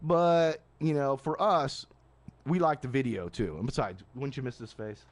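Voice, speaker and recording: Male radio host, late-night live rant, animated pitch, casual and rambling. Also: moderate pace. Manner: animated, casual, frequent restarts and asides. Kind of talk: live ranting monologue. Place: live stream studio at night.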